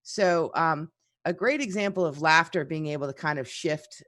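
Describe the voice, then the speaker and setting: A woman's voice: sits low, moderate pace, no echo, clean studio sound. A woman, a psychology instructor chatting casually and acting out little stories as she tells them. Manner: animated storyteller, acts out quotes. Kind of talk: casual chat.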